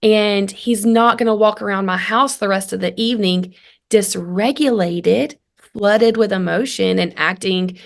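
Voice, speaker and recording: A woman's voice: medium pitch, unhurried, vocal fry. Earnest woman coach telling family stories. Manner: earnest, animated storyteller who acts out dialogue. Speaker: guest, family communication coach. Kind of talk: conversational interview.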